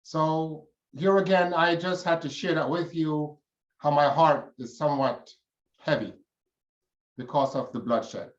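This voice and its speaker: Solemn, slow-speaking man giving an address. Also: a little high, fairly even intonation. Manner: solemn, emotional, oratorical. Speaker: guest speaker. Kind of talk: formal public address. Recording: echoey room, dull lo-fi sound.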